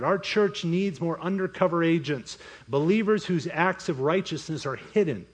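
A man preaching a sermon from the pulpit in a somewhat high voice. He keeps the talk lively, slipping into quick voiced asides and mock inner monologues between points. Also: breathy edge. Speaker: pastor.

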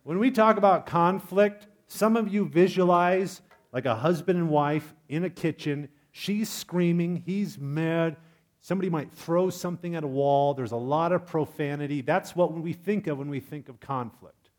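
A man preaching a sermon in a lively, humorous way, asking his congregation questions. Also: a little high, moderate pace. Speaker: pastor.

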